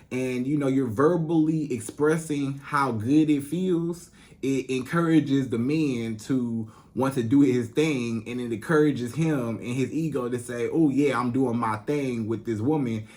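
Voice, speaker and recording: A man's voice: medium pitch, darkish tone. A man working as a relationship coach, giving casual advice straight to his female viewers in a loose, chatty way full of "you know". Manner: addresses female viewers directly. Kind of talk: casual advice monologue to camera.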